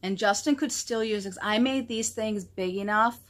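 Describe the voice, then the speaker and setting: A woman's voice: medium pitch, normal speed, fairly bright tone. A woman hosting a knitting podcast, chatting casually and gushing over her projects with self-deprecating humor. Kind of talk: casual show-and-tell chat.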